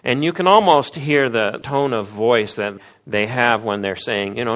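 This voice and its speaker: A man's voice: medium pitch, moderate pace, hardly any pauses, fairly bright tone. A man preaching a sermon in an emphatic way, acting out the voices of the people in the story he tells. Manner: acts out quoted voices, emphatic.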